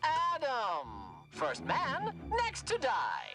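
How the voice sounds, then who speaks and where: An actor playing a suave, menacing male demon with a transatlantic accent and a high and mighty tone, in a clip from an animated series. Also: extremely slow, exaggerated voice. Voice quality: old-timey, high and mighty tone. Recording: clip played with loud music.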